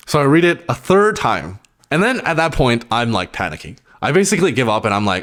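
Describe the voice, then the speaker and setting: A man's voice: mid-range voice, very animated, fast, a bit bright. A young man casually telling a personal story on his vlog, rambling and filling nearly every phrase with "like". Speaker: vlogger.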